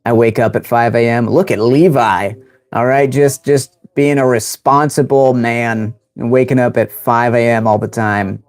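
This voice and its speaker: A young American man chatting on his livestream, telling stories in a loose, rambling way. He laughs often and stumbles through fillers and restarts. His voice sits at an ordinary middle pitch. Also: fairly even intonation, moderate pace, a little mellow. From United States. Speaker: livestream host. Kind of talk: casual storytelling on a livestream.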